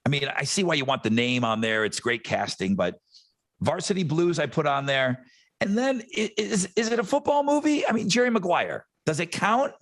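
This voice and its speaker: A man's voice: on the high side, animated, moderate pace, fairly bright tone. A man co-hosting a podcast in casual chat, swearing freely and acting out movie lines. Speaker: podcast co-host.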